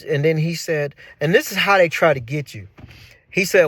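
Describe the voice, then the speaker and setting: A man in his forties tells his own life story to the camera, casual and animated, and drives his points home by repeating them. His voice runs a touch high and sounds dry and close, with no room echo. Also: normal speed. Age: 40s. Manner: animated, preachy, repeats for emphasis. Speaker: channel host.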